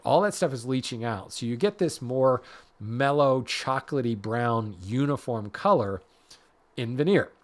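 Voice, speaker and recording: A man hosting a woodworking podcast, explaining wood grading and color in a casual, self-deprecating way that often restarts mid-sentence. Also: mid-range voice. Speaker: podcast host, hardwood lumber expert.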